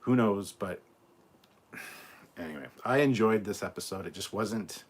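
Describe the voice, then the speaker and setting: A Scottish man with a notably deep, low-pitched voice hosts a relaxed live stream. He reads viewer comments aloud and answers them in a loose, chatty way, swearing freely as he goes. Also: a little slow. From Scotland.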